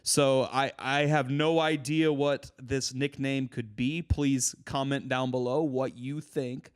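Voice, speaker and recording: A young man hosting a sports podcast, leading the segment in animated casual chat. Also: medium pitch, takes it slowly, clear, resonant tone. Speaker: podcast host.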